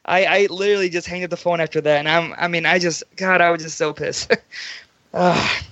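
A man's voice: a little high, brisk, no room sound, dull audio. A man on a podcast, telling stories with animation and acting out what others said in casual chat. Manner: animated storytelling, acts out quotes.

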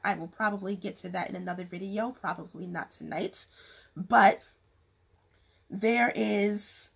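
Woman, husky, gravelly, losing her voice, frank, rambling, casual vlog. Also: mid-range voice. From California. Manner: frank, rambling with many restarts. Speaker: vlogger giving business advice. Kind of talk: casual talk to camera.

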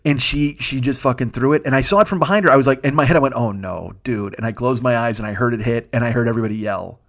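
A middle-aged man telling a long comic story as a podcast host, animated and profane, laughing and loudly acting out the voices in it. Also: mid-range voice, very fast. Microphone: studio microphone.

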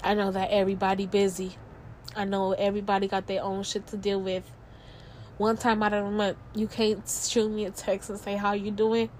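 A young woman hosting a podcast, speaking candidly in a halting, emotional monologue with many fillers and some swearing, close to tears at times. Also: mid-range voice, level tone, darkish tone. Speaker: podcast host. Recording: faint background noise.

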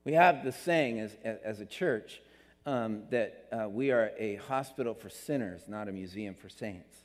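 A man preaching a sermon as pastor, animated, climbing in pitch for emphasis and acting out what people say. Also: a little slow. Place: church sanctuary. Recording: long reverb of a sanctuary.

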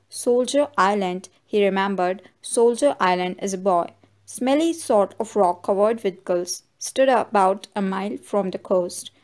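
A woman reading a novel aloud in measured, even scripted narration. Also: medium pitch. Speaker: audiobook narrator.

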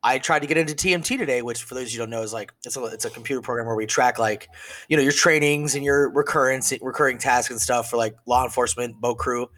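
A man's voice: mid-range voice, quick pace, fairly bright tone. Casual profane man co-hosting. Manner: rambling, profane, trails off. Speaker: podcast co-host. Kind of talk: casual chat.

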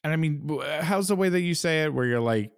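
A man's voice: on the high side, lively intonation, fast talker, smooth, dry recording, studio quality. A man co-hosting a film podcast in casual chat, laid-back, swearing casually and searching for words. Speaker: podcast co-host.

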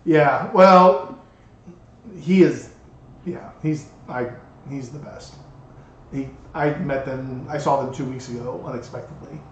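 A man's voice: medium pitch, slow pace, a little hiss or hum. Man, casual podcast co-host, rambling storyteller, echoey room, dull lo-fi sound. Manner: rambling, animated storytelling with many restarts. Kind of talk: casual chat.

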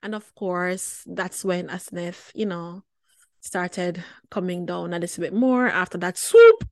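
A woman, hosting a wellness show and telling a personal story in a lively, chatty way with frequent laughter. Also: fairly low pitch, a little slow, no echo, studio quality. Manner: lively, chatty, laughs often, repeats words for emphasis.

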